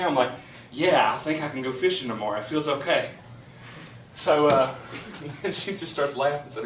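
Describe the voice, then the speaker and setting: A man, teaching a class and telling a lively story, laughing as he goes. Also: on the high side, fairly quick. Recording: echoey classroom from far off, noisy.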